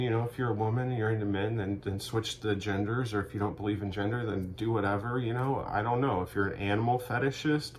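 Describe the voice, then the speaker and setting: A man in a rambling, deadpan comedic monologue, sarcastic and profane, acting out both sides of made-up conversations. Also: lowish voice, a little hiss or hum. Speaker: vlogger.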